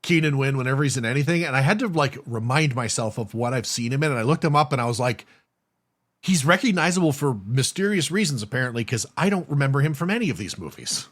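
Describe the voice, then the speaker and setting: A man's voice: medium pitch, lively intonation, fast talker, a bit bright. A man co-hosting a podcast, recapping a film's plot in casual chat with wry asides. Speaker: podcast co-host.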